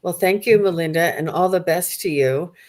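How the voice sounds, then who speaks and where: A woman hosting a spiritual livestream, soft-spoken and gushing as she thanks her viewers. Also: fairly low pitch, moderate pace. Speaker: livestream host. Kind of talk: live stream chat.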